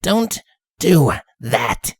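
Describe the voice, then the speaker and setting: A man's voice: high voice, wildly swooping pitch, moderate pace, creaky, slightly rough, no echo, studio quality, pitched above the performer's own voice, heavily acted. A man voicing a brash, hot-tempered young pegasus filly who talks in a snappy, aggressive way. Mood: surly.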